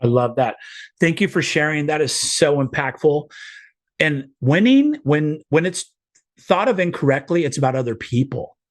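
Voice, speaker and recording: A middle-aged man leading a group video call, giving an earnest, encouraging motivational talk with frequent restarts. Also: fairly high pitch.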